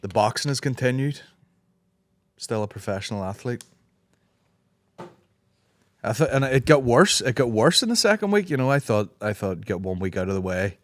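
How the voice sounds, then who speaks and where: A Northern Irish man in his thirties holds forth alone on his podcast, swearing freely and rambling from joke to joke while he acts out bits of other people's talk. His throat is sore, his pitch sits mid-range, and the close mic sounds very dry, with no room to it. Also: lively intonation, moderate pace, long pauses, dry recording. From Northern Ireland. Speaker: podcast host. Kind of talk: solo comedic podcast rant.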